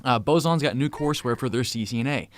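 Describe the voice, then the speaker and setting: A man in his thirties hosting a casual live stream, talking in an upbeat, hurried way and now and then hushing his children. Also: medium pitch. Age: 30s. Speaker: host.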